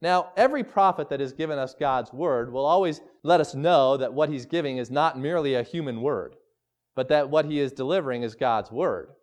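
A man preaching a sermon as pastor, emphatic, slowing down to stress scripture quotes. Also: mid-range voice.

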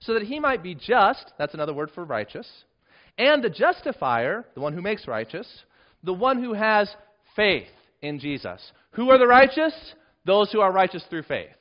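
A man preaching a sermon and teaching from scripture, with emphatic rises and drops in pitch and volume. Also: sing-song, normal speed, lo-fi sound. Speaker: pastor.

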